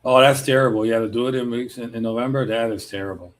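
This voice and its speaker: A man from Chicago with a Chicago accent, chatting casually with viewers while drawing on a livestream, laid-back and quick to laugh. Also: medium pitch, fairly even intonation. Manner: laid-back, laughs often, restarts sentences. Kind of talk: casual chat.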